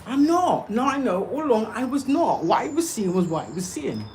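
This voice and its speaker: Woman, livestream monologue, lively swooping pitch, emphatic, faint background noise. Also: moderate pace. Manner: emphatic, repeats "okay?" and "yeah?" to the listener. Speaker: spiritual livestreamer.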